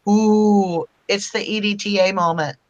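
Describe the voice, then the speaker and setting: A woman's voice: mid-range voice, steady tone, unhurried, lo-fi sound. A woman hosting a casual live-stream chat from home, chatting loosely and greeting viewers by name as she reads their comments aloud. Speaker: host of a live chat show.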